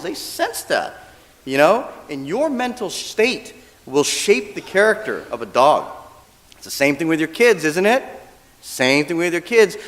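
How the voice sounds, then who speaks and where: A male minister giving a casual, humorous dharma talk, often checking in with the audience. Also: high-pitched. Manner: animated, acts out quoted voices, asks audience "right?". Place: church hall. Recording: long hall reverb.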